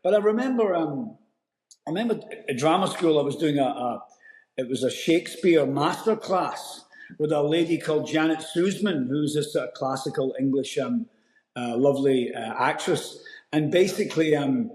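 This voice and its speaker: A Scottish man, an actor, telling a story in a casual interview, lively and full of restarts. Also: fairly high pitch, moderate pace. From Scotland. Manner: animated storyteller, many restarts. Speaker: actor guest. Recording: roomy echo.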